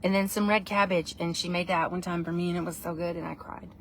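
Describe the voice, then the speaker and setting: A woman's voice: fairly low pitch, little pitch movement, fast talker, fairly bright tone, a little hiss or hum. A woman, chatting in a casual, rambling vlog, playful and self-mocking. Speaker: vlogger.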